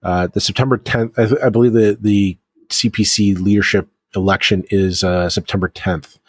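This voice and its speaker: A man's voice: lowish voice, fairly even intonation, normal speed, dry recording. A man co-hosting a podcast, chatting casually about local politics with many restarts and fillers. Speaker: podcast co-host.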